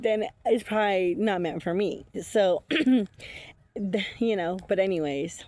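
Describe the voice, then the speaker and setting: A woman's voice: mid-range voice, lively intonation, moderate pace, warm tone, no room sound. A woman telling a personal story in a casual vlog, blunt and profane, rambling with fillers and frequent laughs. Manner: rambling with many fillers and restarts. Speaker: intuitive reader.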